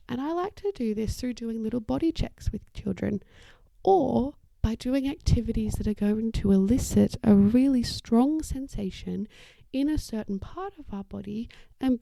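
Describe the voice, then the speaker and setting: A woman hosting an occupational therapy podcast talks, slightly high but dark and gravelly in tone. She explains things casually and sometimes acts out little quoted voices. The recording is dry and close. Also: no room sound. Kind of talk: casual educational talk.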